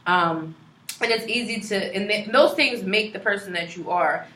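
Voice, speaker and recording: Bright-voiced woman in her thirties. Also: medium pitch, normal speed. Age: 30s. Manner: reflective, frank, swears casually. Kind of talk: casual chat. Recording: echoey room.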